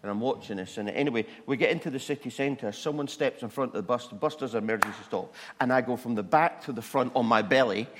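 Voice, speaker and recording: A man telling a funny personal testimony in a sermon, animated and self-mocking. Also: mid-range voice, quick pace, hardly any pauses, big-room sound, slight background noise. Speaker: preacher.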